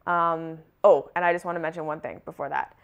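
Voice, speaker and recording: A woman's voice: sits low, fairly even intonation, a little fast, gravelly, clean tone. A young adult woman telling her personal story to camera in a candid, conversational way, full of casual fillers. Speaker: wellness vlogger.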